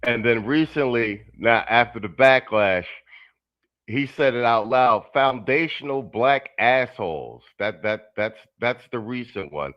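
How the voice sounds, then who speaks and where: A man hosting a live panel show, giving political commentary in a measured, halting way full of fillers. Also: mid-range voice, lively intonation, no room sound, dull audio. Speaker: host.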